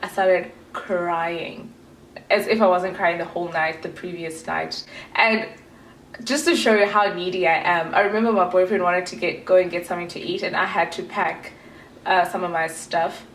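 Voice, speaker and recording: A woman's voice: fairly low pitch, steady tone, moderate pace, reverberant, slight background noise, rough recording. A woman from South Africa in her twenties, chatting casually and rambling to her vlog audience with playful asides. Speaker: vlogger. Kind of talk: casual chat to camera.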